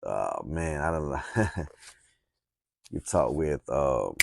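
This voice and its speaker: A man with a Southern US accent giving casual, encouraging advice on speaking, relaxed and rambling. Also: a bass voice, takes it slowly, gravelly, background noise. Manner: relaxed, encouraging, rambling with fillers and reading aloud. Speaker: speaking coach. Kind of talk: casual instructional talk.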